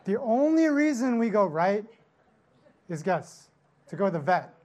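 This middle-aged pastor speaks unhurriedly in a high, sing-song, slightly mellow voice, and the recording sounds muffled. His sermon is conversational, built around a story, with a "right?" checking in after almost each line.

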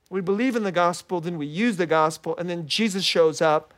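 A middle-aged man preaching a sermon as a pastor, animated and laughing often as he acts out what people say. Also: high voice. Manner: animated, laughs often, quotes himself in little voices.

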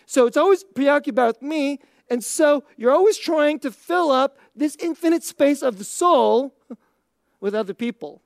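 Her voice is high and animated with some vocal fry as this Christian speaker, unhurried, offers an informal teaching talk. She muses aloud conversationally, chuckling often between points, and the studio-quality recording has no echo.

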